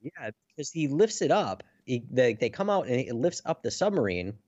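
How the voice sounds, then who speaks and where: A man's voice: medium pitch, very animated, moderate pace, a little mellow, breathy edge, no room sound, dull audio. A man chatting casually about a comic book on a podcast, loose and hesitant, saying "like" a lot. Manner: loose, hesitant, says "like" often. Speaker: podcast co-host.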